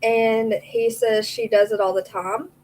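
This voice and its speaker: A woman's voice: fairly high pitch, very animated, a little slow, a little mellow, a little hiss or hum, low-quality recording. A woman hosting a true crime live stream, chatting casually, answering viewers by name and reading messages aloud.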